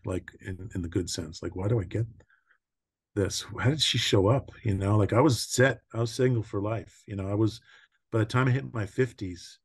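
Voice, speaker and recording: A man in his sixties, a podcast guest, telling personal stories in casual conversation, laughing often and trailing off between thoughts. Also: fairly low pitch. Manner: warm storytelling, laughing often, trailing pauses.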